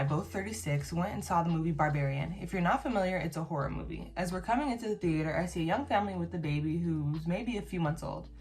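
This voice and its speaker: A woman's voice: lowish voice, a little mellow. A woman reading posts aloud and reacting to them in casual commentary, bluntly and with plenty of swearing. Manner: blunt, swears freely, laughs and reacts between read lines. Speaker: YouTuber reacting to online posts.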